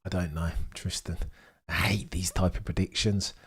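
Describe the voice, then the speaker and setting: A man's voice: sits low, moderate pace, husky. Chatty man streaming live. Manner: chatty, excitable, talks to chat, banters. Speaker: live-stream watchalong host. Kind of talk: casual live-stream chat with viewers.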